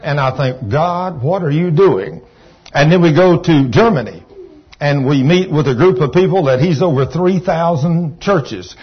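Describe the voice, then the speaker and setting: A Texan preacher with a high, husky voice delivers a folksy, rambling sermon. He talks like an old country boy and gets carried away with enthusiasm. The recording is dull and lo-fi. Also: moderate pace. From Texas.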